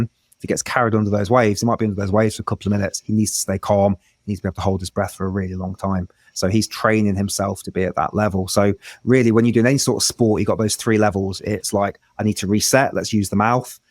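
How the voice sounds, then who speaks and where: Low-voiced man explaining breath work. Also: a little mellow, dry recording, studio quality. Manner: enthusiastic, explanatory, frequent restarts. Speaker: breath work coach, guest. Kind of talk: casual interview chat.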